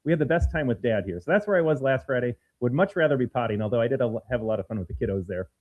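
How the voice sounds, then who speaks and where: A man co-hosting a political talk show, speaking in an animated, emphatic, sarcastic way. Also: mid-range voice, rapid-fire. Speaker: podcast co-host. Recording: phone-like narrow sound.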